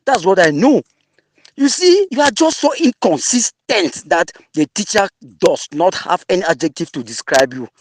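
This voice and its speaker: A man's voice: sits high, sing-song, normal speed, no echo. A man with a Cameroonian English accent mixing in Pidgin, angrily insulting an opponent in an online audio debate. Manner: angry, insulting, mocking.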